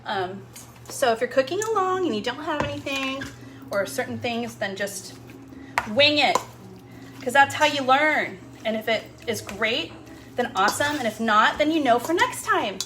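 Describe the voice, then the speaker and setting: A woman's voice: sits high, lively intonation, moderate pace, background noise. A young woman hosting a casual cooking demo in her home kitchen, chatting loosely with lots of fillers as she works. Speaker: home cooking show host.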